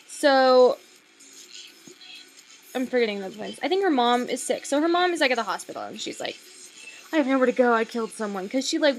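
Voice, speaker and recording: A young woman rambling through a casual, sarcastic film review at home at night, swearing often and filling her talk with likes and ums. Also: a little high.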